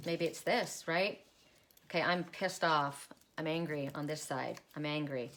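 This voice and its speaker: Woman card reader, middle-aged, low-ish voice, thinks out loud and repeats messages as she goes. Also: moderate pace, slight background noise. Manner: musing aloud, repeating card messages, rambling asides. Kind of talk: solo oracle card reading.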